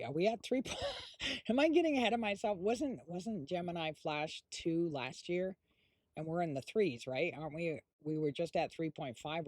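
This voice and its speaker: A man's voice: mid-range voice, a little mellow, no echo. A middle-aged man hosting a live stream, chatting casually and rambling with lots of fillers while snacking. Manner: eating while talking. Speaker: streamer host.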